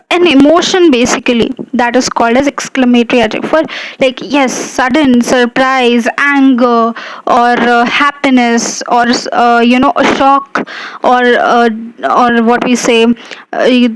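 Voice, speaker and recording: A woman's voice: sits high, smooth, no room sound, low-quality recording. A woman teaching a grammar lesson, explaining step by step with fillers and frequent check-ins to her students.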